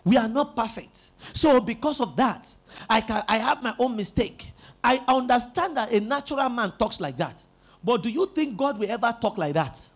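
A male pastor with a very high voice and lively intonation preaches an emphatic sermon at a moderate pace. He uses call-and-response, asking the congregation to repeat after him.

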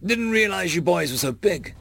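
A man's voice: high-pitched, normal speed, gravelly, breathy edge, pitched above the performer's own voice, heavily acted. A man voicing a friendly, easygoing human settler who talks in a drawling, homespun way. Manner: drawling, relaxed, homespun phrasing.

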